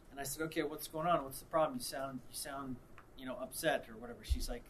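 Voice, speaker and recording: A man preaching, mixing reflection with an animated story in which he acts out the people involved. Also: a little high, fast, a little hiss or hum. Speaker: pastor. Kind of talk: sermon with storytelling.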